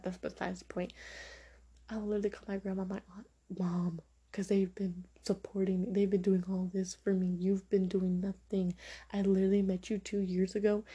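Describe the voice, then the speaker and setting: A woman's voice: mid-range voice, warm tone, husky. A young woman hosting a podcast, speaking frankly and opinionatedly in a casual monologue full of fillers. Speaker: podcast host.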